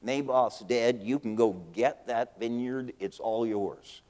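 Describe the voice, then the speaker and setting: A man's voice: mid-range voice, fairly even intonation, slow, a little mellow, long reverb tail, natural voice. A man preaching, voicing a scheming wicked queen who talks in a curt, dismissive way. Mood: scornful.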